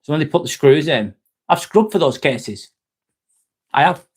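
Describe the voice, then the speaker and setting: A man's voice: fairly high pitch, lively intonation, normal speed, breathy edge. A man hosting a casual live stream, joking, laughing often and answering chat comments.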